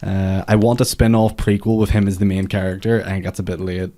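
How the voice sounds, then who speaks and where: A man's voice: sits low, flat delivery, fast, dark tone. A man co-hosting a podcast, laughing easily and reading listener comments in casual banter. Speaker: podcast co-host.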